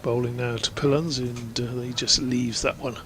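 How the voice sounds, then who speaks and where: A man's voice: mid-range voice, flat delivery, normal speed, creaky, a bit bright. A man giving live ball-by-ball cricket commentary in a chatty, rambling way, drifting into anecdotes between deliveries.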